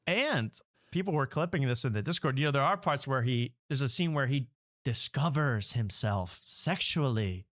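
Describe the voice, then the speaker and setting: A man's voice: mid-range voice, lively intonation, normal speed, a bit bright. A man hosting a comedy talk show, chatting casually, mocking and laughing often. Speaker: host.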